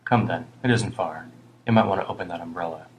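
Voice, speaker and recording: A worn-down older homeless man with a British accent, voiced by a male audiobook reader. He rambles ruefully and heaps blame on himself in a low, deep voice, sometimes muttering. A faint hum lingers behind him. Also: quick pace, lightly acted, low-quality recording.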